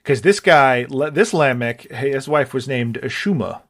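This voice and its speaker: A man co-hosting a podcast in loose casual chat. His voice sits at an everyday middle pitch, and he rambles and thinks out loud, restarting his sentences as he goes. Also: lively intonation, a little slow. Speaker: podcast co-host.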